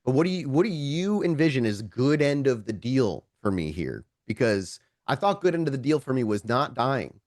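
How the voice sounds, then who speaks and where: A man's voice: mid-range voice, big pitch swings, a little mellow, close to an everyday voice. A man voicing a young male kidnapping victim in a tabletop game, sarcastic and nervous, talking his way through his fear. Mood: anxious. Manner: snarky, nervous, quick to complain.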